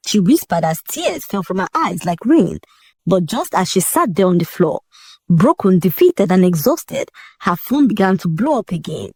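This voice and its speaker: A storyteller narrates a dramatic folk tale in a lively, expressive way, her pitch rising and falling. Her voice is husky and slightly breathy, recorded close and dry with no room sound.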